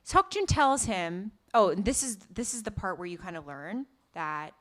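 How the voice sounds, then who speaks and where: A woman's voice: mid-range voice, moderate pace. A woman co-hosting a podcast, recapping a drama in casual chat and acting out the characters' lines. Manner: animated, acts out characters' lines. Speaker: podcast co-host.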